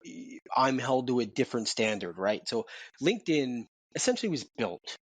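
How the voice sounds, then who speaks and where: A man co-hosting a podcast from his home office, talking in an animated, casual way with repeats and swearing. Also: mid-range voice, normal speed, no room sound. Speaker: podcast co-host. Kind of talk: casual chat.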